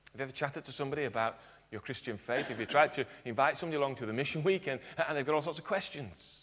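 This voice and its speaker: A man preaching a sermon in church, earnest, dropping to quiet emphatic points. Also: mid-range voice, rapid-fire. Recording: long hall reverb.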